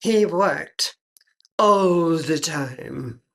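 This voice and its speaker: A woman's voice: deep voice, animated, very slow, vocal fry, fairly bright tone, full character voice. A woman playing the spirit of an elderly English actress, speaking with an English accent in a dry, clipped, tartly unimpressed way. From England. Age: older.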